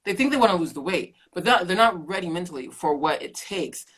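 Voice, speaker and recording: A middle-aged woman, a keto coach and podcast guest, telling her story in an animated way, laughing often and acting out quotes. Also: on the low side, brisk, slight background noise. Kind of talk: casual interview chat.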